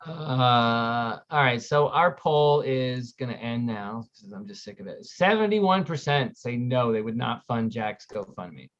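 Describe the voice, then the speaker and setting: A man's voice: mid-range voice, lively intonation, a little slow, few pauses, a bit bright. Blunt, cursing man ranting on a stream. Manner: blunt, swears often, exasperated ranting. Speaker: podcast co-host reading chat. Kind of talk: casual livestream chat. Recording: muffled lo-fi audio.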